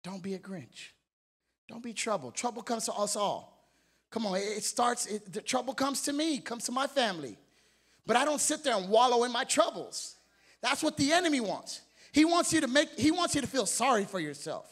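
A male pastor preaching a sermon in a church, energetic and exhorting, calling out questions to the congregation. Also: extremely high pitch, normal speed. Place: church sanctuary.

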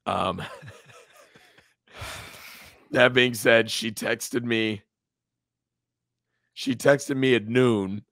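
A man's voice: medium pitch, drawn-out words, creaky, long pauses, a bit bright, dry recording. Emotional man on a podcast, dry sound. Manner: emotional, swearing, voice breaking. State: close to tears. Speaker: podcast co-host. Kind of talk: casual podcast chat.

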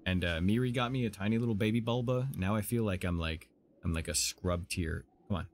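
A man, a game streamer in casual live-stream chat, gushing and excitable, with faint music behind him. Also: on the low side, a little fast, slight background noise. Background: faint anime music.

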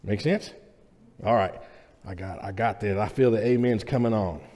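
A man's voice: on the low side, normal speed, dark tone. A man preaching a sermon to his congregation in a conversational, joking way, often checking in with the room. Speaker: pastor. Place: church sanctuary. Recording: reverberant church hall.

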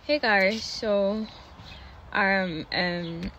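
A woman's voice: mid-range voice, steady tone, extremely slow, lo-fi sound, noisy background. A young woman with a Nigerian accent, chatting casually to her phone camera outdoors in the cold, with lots of fillers and laughs. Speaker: vlogger. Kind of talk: casual vlog chat.

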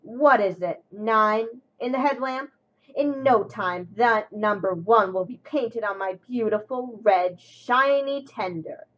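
A woman's voice: mid-range voice, sing-song, a little slow, dull audio. A woman doing a vain, chirpy red engine. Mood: excited. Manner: chirpy, gushing, boastful.

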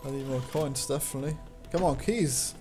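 A man's voice: mid-range voice, a little fast. A man hosting a casual gaming chat while playing, dry and understated. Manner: dry, understated, short replies. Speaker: game developer and host. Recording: game music behind.

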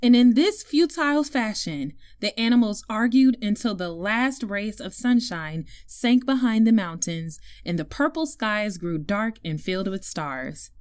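A woman reading a children's story aloud to young listeners in an expressive storytelling voice. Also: mid-range voice, measured pace, hardly any pauses. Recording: faint music behind.

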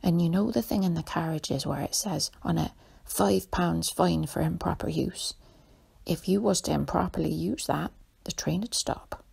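A woman voicing a kindly old male railway porter in a soft whispered role-play for a bedtime story. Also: fairly low pitch, moderate pace, heavily acted. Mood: chatty. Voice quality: husky, creaky whisper.

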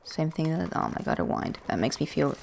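A woman's voice: deep voice, very animated, brisk, gravelly, darkish tone, slight background noise. A woman giving chatty, rambling let's-play commentary with self-mocking jokes, into a USB desk microphone. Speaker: gaming video creator.

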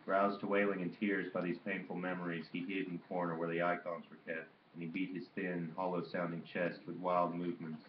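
A man reading a novel aloud in a steady, measured narration, in a dull, roomy recording. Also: low-pitched, slight background noise. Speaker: audiobook reader. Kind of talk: literary audiobook narration.

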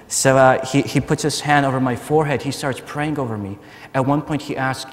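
A man giving a personal testimony at a conference, telling his story in a lively way and laughing often. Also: medium pitch, brisk. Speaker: conference speaker. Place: large conference hall. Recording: long hall reverb, faint noise.

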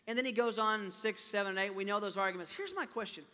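Preaching fast with hardly any pauses, a male pastor sounds impassioned in a high, bright, ringing voice. He keeps doubling back on his words, then climbs to loud, emphatic peaks, all echoing with the long reverb of a big sanctuary.

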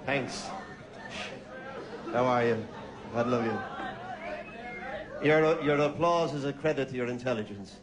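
An Irish man doing stand-up comedy, telling one-liners in a dry, rapid-fire way on stage before a live audience. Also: medium pitch. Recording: live club recording, loud crowd laughter.

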